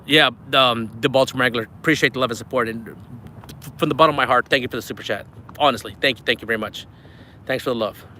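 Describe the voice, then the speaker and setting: On a live fishing stream by the river, the man reads viewers' super chats, chatting away, thanking people, and catching his breath a bit. The pitch is medium, the pace quick, the tone sharp, and there's a little hiss or hum.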